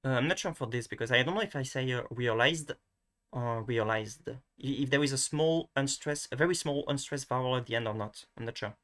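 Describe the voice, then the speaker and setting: A man's voice: medium pitch, fast, few pauses, a bit bright. A man with a French accent, a French native speaker, giving a casual pronunciation lesson in a hesitant way, with many restarts and fillers. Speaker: language tutor. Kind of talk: casual screen-recorded lesson.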